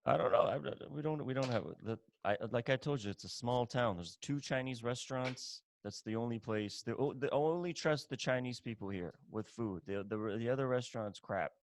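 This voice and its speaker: A man's voice: medium pitch, fairly quick, hardly any pauses, dry recording. A man hosting a podcast, chatting casually in a blunt, profane, joking manner. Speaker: podcast host. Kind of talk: casual chat.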